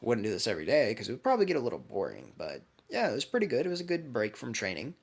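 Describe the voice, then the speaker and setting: A man's voice: mid-range voice, wildly swooping pitch, racing. A man retelling a fan story, speaking the lines of a brash young male ninja in a casual, offhand way. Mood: easygoing.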